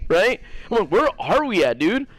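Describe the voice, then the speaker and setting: A man's voice: high voice, big pitch swings, measured pace, dry recording, soft background music. A man casually telling a rambling story to his viewers, full of fillers and swearing. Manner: rambling, profane, lots of fillers. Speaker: gaming streamer.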